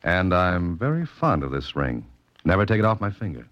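An actor playing a wry, self-assured detective in a 1940s radio drama, dry and commanding. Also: male voice, sits low, big pitch swings, moderate pace, dry recording, muffled recording. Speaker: private detective.

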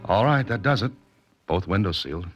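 An actor playing a wry, self-assured detective in a 1940s radio drama, dry and commanding. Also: male voice, sits low, very animated, brisk, soft background music. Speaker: private detective.

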